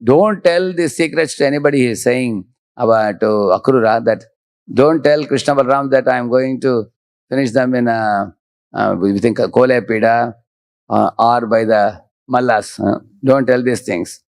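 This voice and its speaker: A man's voice: medium pitch, fairly even intonation, a little slow, darkish tone, no echo. A man giving a devotional scripture lecture, chanting Sanskrit verses and explaining them line by line. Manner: explains verse by verse, often repeating "he's saying".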